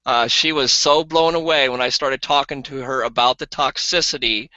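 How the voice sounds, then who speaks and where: Animated man telling sales stories. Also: moderate pace, dry recording, lo-fi sound. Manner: animated, acts out quoted people in higher voices. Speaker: co-host of an online sales hangout. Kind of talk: casual storytelling and sales pitch. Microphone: video call.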